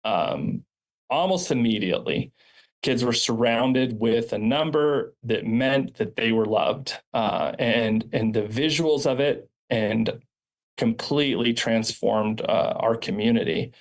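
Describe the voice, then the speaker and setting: A man's voice: mid-range voice, slow pace. A man, a charter school founder and principal, telling stories from his school in an earnest, reflective way with frequent restarts. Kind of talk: podcast interview storytelling.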